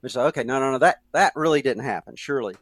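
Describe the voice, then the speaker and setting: A man's voice: mid-range voice, quick pace, a bit bright, dry recording. A man as a guest author, earnestly explaining his point with many ums and uhs. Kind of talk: conversational interview.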